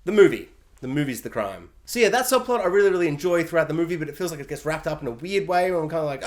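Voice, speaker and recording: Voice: mid-range voice, fast. A film reviewer talking through a spoiler review in a rambling, chatty way, often breaking into silly voices to act out scenes. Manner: animated, acts out scenes in silly quoted voices; rambling, chatty, many fillers. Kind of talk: casual spoiler review monologue.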